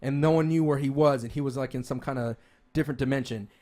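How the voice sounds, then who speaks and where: A podcast co-host speaks fast in a warm, steady voice of medium pitch. His casual, enthusiastic talk about games and movies rambles, packed with fillers and restarts.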